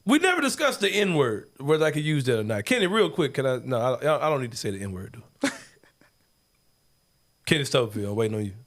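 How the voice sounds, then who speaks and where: A man from Memphis with a Memphis Southern accent, hosting a casual podcast chat in an animated, joking, slangy way. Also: medium pitch, a little fast. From Memphis, Tennessee. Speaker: host.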